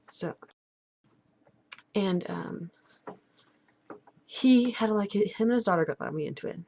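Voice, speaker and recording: A young woman talks in a loose, rambling way, stopping and restarting often with plenty of fillers. Her voice sits low for a woman. She is speaking casually into her camera at home. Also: darkish tone. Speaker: steampunk vlogger.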